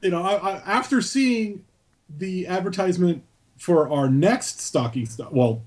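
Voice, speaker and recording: A man's voice: high voice, a little slow, a little mellow. A man co-hosting a podcast, cracking jokes and laughing often in casual chat. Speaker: podcast co-host.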